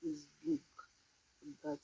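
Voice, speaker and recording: A woman's voice: slow, warm tone, dull audio. A middle-aged Nigerian woman chatting casually to her viewers, laughing often and breaking into bits of song. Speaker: vlogger. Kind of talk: casual chat.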